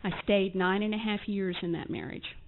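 A woman's voice: medium pitch, fairly even intonation, moderate pace. A woman giving a candid personal testimony at a recovery meeting, telling her story with wry humor and acting out remembered conversations. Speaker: speaker sharing at a recovery group meeting. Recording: tinny phone-like lo-fi recording with faint hiss.

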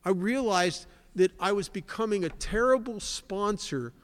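A man in his sixties giving a candid personal testimony at a recovery meeting, telling stories and swelling loud to stress a point. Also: high voice, animated, unhurried. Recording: long hall reverb.

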